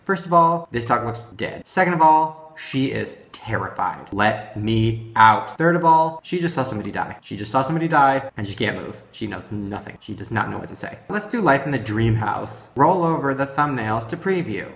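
Crude, sarcastic young man, gravelly. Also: medium pitch, expressive, a little fast, hardly any pauses. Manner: crude, sarcastic, swings to loud shrieks. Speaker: gaming video host. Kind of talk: comedic game commentary. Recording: echoey room with music behind.

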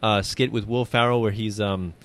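A man's voice: lowish voice, fairly even intonation, normal speed, fairly bright tone. A man hosting a podcast, chatting casually, often repeating words as he talks, and laughing often. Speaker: podcast host. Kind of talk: casual chat.

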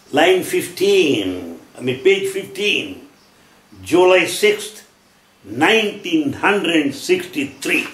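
A man with an Indian English accent giving a devotional talk to followers, emphatic, reading out quotations and dates slowly and deliberately. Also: on the high side, fairly bright tone. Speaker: spiritual lecturer. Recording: echoey hall.

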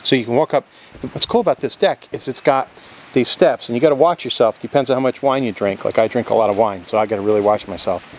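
A man's voice: mid-range voice, fast talker, a little hiss or hum. A man giving a casual, enthusiastic walking tour of a cabin by a creek, talking to the viewer as he goes. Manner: chatty, enthusiastic, drops into soft whispers indoors. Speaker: real estate vlogger touring a property. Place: outdoors by a creek and inside a log cabin.

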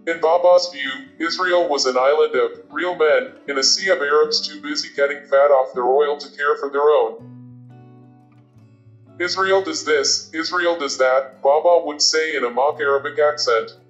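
Brief: male narrator for an audiobook, fairly high voice, recorded in an echoey room with dull lo-fi sound. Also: fairly even intonation, moderate pace, hardly any pauses. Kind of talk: audiobook reading. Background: faint guitar music.

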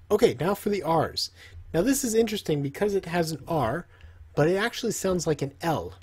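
A man's voice: a little high, expressive, brisk, darkish tone, breathy edge. A man casually teaching, joking and talking to himself while he draws. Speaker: language teacher. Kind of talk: casual tutorial while drawing.

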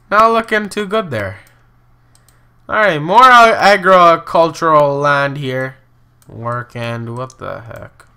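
A young man hosts a gaming video, chatting casually over a geography guessing game, exclaiming and mocking himself along the way. His voice is on the high side, bright and forceful.

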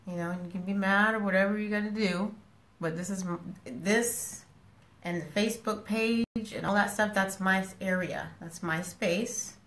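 A woman's voice: medium pitch, fairly even intonation, moderate pace, a bit bright, roomy sound. A woman talking casually and frankly to her followers on a live stream, scolding them with affection and repeating herself. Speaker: social media personality talking to followers.

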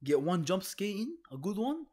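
A young man talks through a horror game in a light, fairly high voice that swings widely in pitch. He mutters nervously, then yelps and swears when he is startled, and he keeps mocking himself. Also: sing-song, moderate pace, a little mellow, breathy edge. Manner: jumpy, swearing, nervous self-mocking, shifting between muttering and panicked yelps. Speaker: gaming YouTuber. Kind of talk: horror game let's play commentary.

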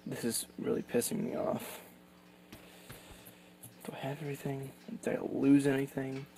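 A man's voice: medium pitch, little pitch movement, moderate pace, gravelly, mellow. A young man commenting on his gameplay, exasperated and swearing often. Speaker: gaming streamer. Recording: faint background noise.

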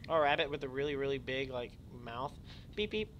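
A man streaming a horror game in let's-play commentary, goofy and jokey, swearing freely and bursting into loud shouts. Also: mid-range voice, lively intonation, fairly quick, lo-fi sound, a little hiss or hum. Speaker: gaming streamer.

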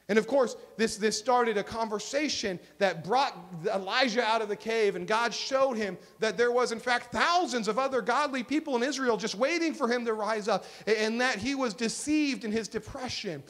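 A man with a high voice preaches to his congregation as their pastor. His delivery is earnest, pressing hard on key points and then dropping low and quiet. The sermon is given live in a church. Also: moderate pace, few pauses. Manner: earnest, swings from emphatic to hushed. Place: church sanctuary.

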